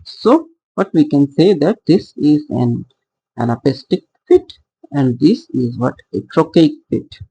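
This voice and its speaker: A man's voice: a little high, very animated, measured pace, gravelly, dark tone, breathy edge, muffled recording. A man teaching a lesson on poetic meter. He talks hesitantly, with many fillers and self-corrections, and asks the class rhetorical questions that he answers himself. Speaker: literature teacher.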